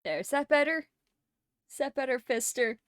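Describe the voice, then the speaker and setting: Giggly high-voiced woman streamer. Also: lively intonation, normal speed, dry recording, clean studio sound. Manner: giggly, laughs often between lines. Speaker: livestream host. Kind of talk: casual chat reading viewer messages.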